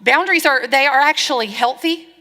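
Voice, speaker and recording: A middle-aged woman pastor preaching with a bright, forceful voice pitched a little high. She talks frankly and with wry humor, slipping into quoted back-and-forth. Her voice carries a long reverb from the church hall. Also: brisk. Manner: lively, frank, wry storytelling with quoted dialogue. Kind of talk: sermon.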